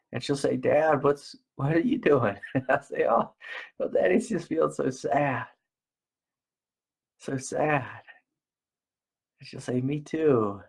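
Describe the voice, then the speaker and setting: A middle-aged man giving a gentle, slow spiritual talk as a meditation teacher, repeating phrases softly. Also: mid-range voice, gravelly. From United States. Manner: slow, gentle and soft-spoken with repetitions.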